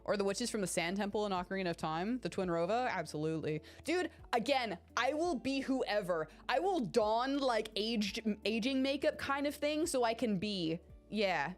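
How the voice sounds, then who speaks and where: Young woman streamer, getting over an illness, excitable and foul-mouthed, calls out chat members by name; light music bed. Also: mid-range voice, normal speed, few pauses. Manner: excitable, swears freely, talks to chat by name. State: recovering from illness. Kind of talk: casual live-stream chat.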